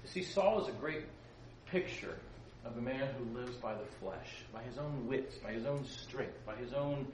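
With an expressive, medium-pitched voice and a darkish tone, a man speaks at a moderate pace while teaching a youth group about the Bible. His manner is playful, with jokes and questions for the group. A distant mic in a roomy gym-like hall picks up faint noise.

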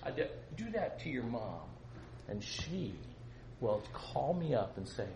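Animated joking preacher man, echoey hall. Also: medium pitch, unhurried. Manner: animated, joking, swings between loud and soft. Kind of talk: sermon to a youth congregation. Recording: echoey room, faint room noise.

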